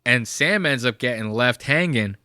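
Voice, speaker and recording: A young man talks over video clips in loose, rambling commentary full of swearing, and he sounds a bit high. His voice is bright and sits at a middle pitch. The mic is close and the sound is dry. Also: lively intonation, normal speed, dry recording. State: high on marijuana. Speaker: reaction video host. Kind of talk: casual reaction commentary.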